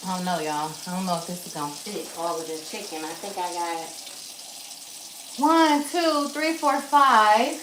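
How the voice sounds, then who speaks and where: In an echoey home kitchen, a chatty woman vlogger does a casual cook-with-me talk, calling her viewers y'all while out of breath. Her fairly low voice is flat and fast, with hardly any pauses. Running water, frying, and faint background noise fill the room.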